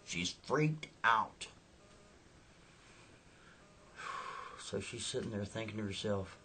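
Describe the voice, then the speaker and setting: A man's voice: medium pitch, fairly even intonation, unhurried, pauses often, bright, forceful tone, a little hiss or hum. A man telling a spooky story in a chatty, casual way, checking in with the listener. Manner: chatty, asks listeners "right?".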